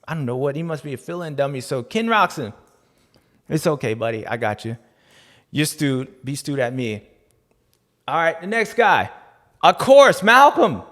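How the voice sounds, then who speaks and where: A man's voice: animated, normal speed, long pauses. Playful, slangy man hosting in an echoey room. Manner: playful, jokey, slangy, swings between loud bursts and low asides. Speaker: podcast host. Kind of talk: casual race recap chat.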